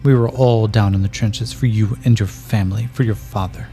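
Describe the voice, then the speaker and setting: A man's voice: on the low side, fairly even intonation, normal speed, dark tone, soft background music, close to an everyday voice. Man doing a bitter young trooper.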